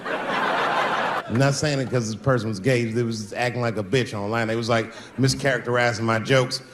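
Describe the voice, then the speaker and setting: A man's voice: mid-range voice, normal speed, long reverb tail, heavy background noise. A man performing a stand-up comedy routine on stage, telling stories and acting out other voices. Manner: animated storytelling, acts out other voices. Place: stage before a live audience.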